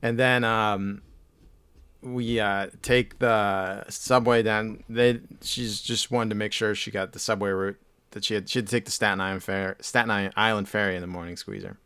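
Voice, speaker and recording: A man tells a long, meandering story on a podcast, full of fillers and restarts. His voice sits low and sounds smooth and resonant. The recording is dry and close. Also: steady tone, moderate pace, sharp tone, no echo. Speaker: podcast co-host. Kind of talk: casual chat.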